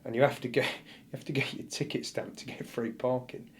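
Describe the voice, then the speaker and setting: A man's voice: medium pitch, little pitch movement, fairly quick, a little hiss or hum. A male firefighter, a podcast guest, telling a painful personal story bluntly and vividly, acting out what people said. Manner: blunt, vivid retelling that acts out the dialogue.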